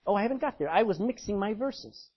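A middle-aged male preacher giving a sermon in an emphatic, folksy way, swinging between loud declarations and quiet asides. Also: high-pitched, animated, fast, slightly rough, lo-fi sound.

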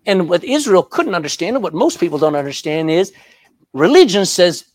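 A male preacher with a high voice that swings widely, delivering a sermon with emphatic energy. He keeps tossing questions to the congregation and punches key words. The sound is dry and close. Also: big pitch swings, fairly quick, dry recording. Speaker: pastor.

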